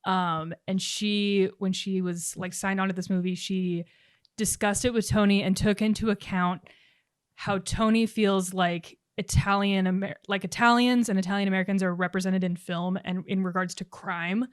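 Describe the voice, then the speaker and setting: A woman's voice: mid-range voice, little pitch movement, normal speed, clear, resonant tone, no room sound, clean studio sound. A woman co-hosting a podcast, chatting casually and sharing film trivia with a gossipy, swearing edge. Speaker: podcast co-host. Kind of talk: casual film review chat.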